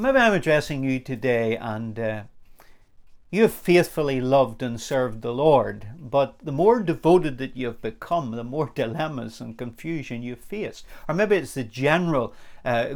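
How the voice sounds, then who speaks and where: A man teaching a recorded Bible study sermon, talking earnestly and lifting his voice on the words he stresses. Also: creaky. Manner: earnest, emphatic, rising in pitch on key words.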